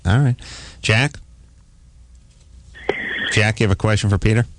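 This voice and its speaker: On a dry recording, a radio host speaks a little slowly while running a comic talk show. He jokes and riffs with his guest and uses a mocking high voice when quoting people.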